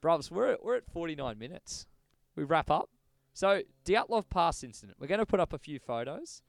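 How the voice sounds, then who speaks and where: A man co-hosting a podcast in casual, joking chat, animated and loose with swearing. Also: fairly high pitch, moderate pace, creaky, no echo. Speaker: podcast co-host.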